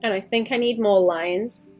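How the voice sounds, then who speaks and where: A woman's voice: mid-range voice, moderate pace, faint music behind. A woman artist on a casual livestream, rambling as she thinks aloud about her drawing and adding playful sound effects.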